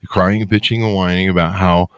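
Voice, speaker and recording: A middle-aged man hosting a podcast interview, talking in a blunt, opinionated and animated way. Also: low voice, fast talker, no echo. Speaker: podcast host. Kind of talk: casual interview chat.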